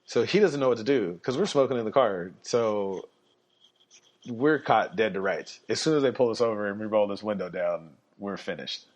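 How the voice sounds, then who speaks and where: A young man telling personal stories casually on a podcast, animated, often laughing and acting out the people in them. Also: fairly low pitch, moderate pace. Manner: animated, laughs through his stories, acts out quotes. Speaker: podcast guest storyteller. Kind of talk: casual storytelling. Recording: dull lo-fi podcast audio.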